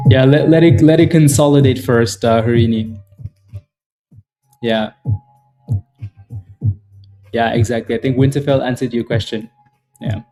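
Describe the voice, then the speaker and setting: A man with a dark, mellow voice hosts a live trading stream. He talks casually and keeps repeating himself to drive a point home. He calls out chat viewers by name. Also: medium pitch, fairly even intonation, slow, pauses often, soft background music. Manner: repetitive, hyped, chatty, addresses viewers by name. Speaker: day-trading livestream host.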